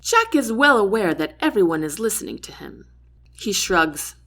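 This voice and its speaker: A woman narrating a first-person novel aloud, giving each character a voice of their own. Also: normal speed. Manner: lively, shifts pitch and loudness for each character. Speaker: audiobook reader.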